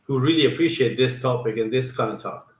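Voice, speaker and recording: A man's voice: medium pitch, fairly quick, roomy sound, low-quality recording. A man hosting a casual talk show, encouraging his guests and stammering at times. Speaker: host. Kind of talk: casual chat.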